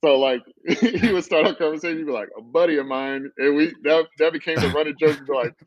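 A man's voice: on the high side, fast talker, dry recording. A man chatting casually on a podcast in an easygoing, agreeable way. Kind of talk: casual chat. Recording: dull lo-fi dry mic.

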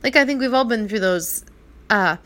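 A woman's voice: fairly high pitch, normal speed, fairly bright tone. A woman in her thirties talking through a heartfelt, rambling personal monologue at home, full of restarts and "like". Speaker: vlogger. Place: apartment at night.

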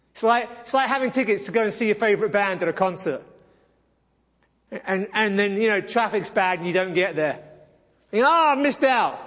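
High-voiced man preaching in an echoey hall. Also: muffled recording. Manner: conversational, emphatic preaching with playful asides. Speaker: pastor. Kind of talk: sermon.

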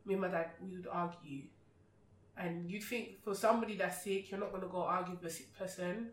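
A woman, a podcast guest telling a personal story in an outspoken, animated way. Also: lowish voice, a little fast. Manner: outspoken, animated, acts out remembered exchanges. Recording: roomy sound from a distant mic.

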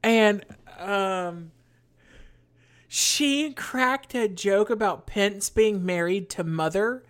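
A woman's voice: mid-range voice, very slow. A woman co-hosting a podcast in casual chat, chatty and wry with self-mocking jokes. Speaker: podcast co-host.

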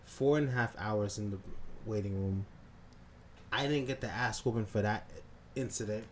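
A man casually telling a long story on a podcast, profane and animated, acting out scenes and sounds. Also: on the low side, normal speed, a little hiss or hum. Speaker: podcast co-host.

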